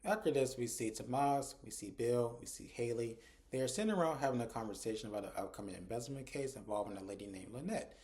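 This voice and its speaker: A man's voice: medium pitch, fast talker, a little mellow. A man casually recapping a TV episode scene by scene, chaining events together with "and so" and "like" as he goes. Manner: retells scenes conversationally, often with "and so" and "like". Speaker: TV episode reviewer.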